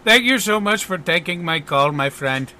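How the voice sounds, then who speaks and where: A big, hearty man, loud and effusive with his affection, as a man puts him on. The voice rises high and comes out bright and forceful. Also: lively intonation, moderate pace.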